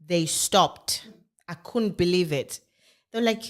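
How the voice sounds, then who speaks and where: A middle-aged woman with a South African accent and Zulu as her mother tongue, co-hosting a casual podcast. Her voice sits very low, and she tells stories animatedly, agreeing emphatically with her co-host. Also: normal speed. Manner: animated storyteller, laughs often, emphatic agreement. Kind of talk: casual chat. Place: podcast recording in Britain.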